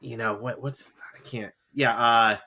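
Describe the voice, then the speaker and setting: A man's voice: mid-range voice, fairly even intonation, a little slow, creaky, bright, forceful tone. A man co-hosting a casual podcast, talking in rambling runs with many fillers and restarts. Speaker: podcast co-host; teacher who grades essays. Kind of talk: casual rewatch podcast chat.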